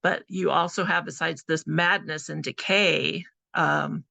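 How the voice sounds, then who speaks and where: A woman's voice: low-pitched, fairly even intonation, measured pace, vocal fry, pushed and bright, no echo. A woman from California, an author giving a chatty, casual presentation full of fillers. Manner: chatty, conversational, with frequent fillers.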